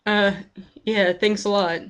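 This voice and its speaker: A woman's voice: mid-range voice, steady tone, takes it slowly, highs cut off, lightly acted. Woman reading a polite young male investigator.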